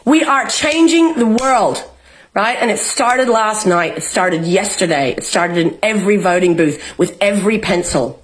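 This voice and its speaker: A young Australian woman, stuck at home in isolation, delivers a passionate political rant to her camera with lots of swearing and a rallying, emotional edge. She has a medium-pitched voice with lively intonation and a measured pace, and there's a little hiss or hum on the recording.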